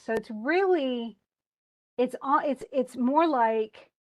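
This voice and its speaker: Middle-aged woman, classroom teacher, slightly high voice, chatty, thinks aloud. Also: slow. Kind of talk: classroom lesson on poetry meter.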